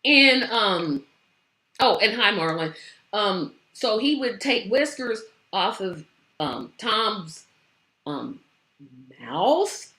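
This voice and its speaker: A woman's voice: medium pitch, big pitch swings, very slow, pauses often, bright, forceful tone, echoey room. A woman hosting her own show, chatting casually and rambling with many fillers, saying she is tired. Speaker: show host. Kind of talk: casual livestream chat.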